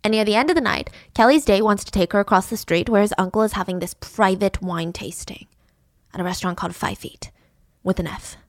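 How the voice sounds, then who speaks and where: A woman telling a funny story in a casual, animated, giggly way. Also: mid-range voice, brisk, no room sound, clean studio sound. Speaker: podcast storyteller.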